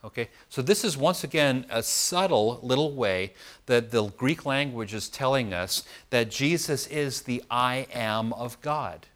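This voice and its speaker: A man's voice: medium pitch, unhurried, fairly bright tone. A man preaching a Bible study, explaining scripture in a conversational way and often checking in with his listeners.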